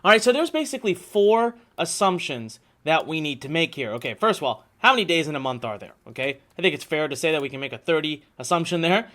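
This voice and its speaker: Man, thirties, marketing instructor, live workshop, chatty, fairly high voice. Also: expressive, quick pace, hardly any pauses, fairly bright tone. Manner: chatty storyteller, lots of "okay?" and "you know".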